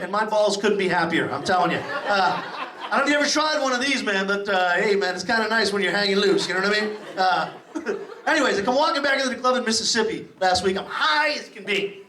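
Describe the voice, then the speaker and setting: A brash, high-voiced male stand-up comedian from Boston, USA, works the crowd at a comedy club, rapid and profane. The recording is roomy and distant, with a noisy background.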